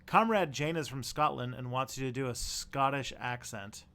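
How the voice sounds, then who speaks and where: A man's voice: medium pitch, moderate pace, a bit bright. A man hosting a casual live stream, chatting in a rambling, easygoing way to his viewers. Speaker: livestream host.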